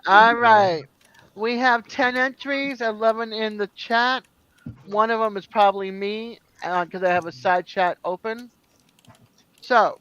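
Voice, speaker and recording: A woman's voice: a little high, unhurried, a bit bright, clean tone, no room sound. A woman hosting a casual live stream and chatting while she runs a giveaway. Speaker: livestream host. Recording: dull lo-fi stream audio.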